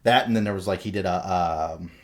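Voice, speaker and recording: A man co-hosting a podcast in casual chat, a profane, rambling storyteller who shouts out quotes when retelling. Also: deep voice, a little fast. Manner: loud acted quotes in retellings. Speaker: podcast co-host.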